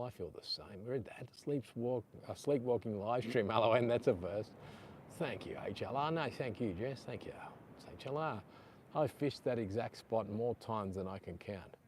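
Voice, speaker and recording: A man's voice: medium pitch, a little mellow, a little hiss or hum. Rambling Australian man on a beach livestream. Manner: chatty, rambling, reading out viewer comments. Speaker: live-stream host. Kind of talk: casual live-stream chat. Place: outdoors on a beach. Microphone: chest-clipped lapel mic.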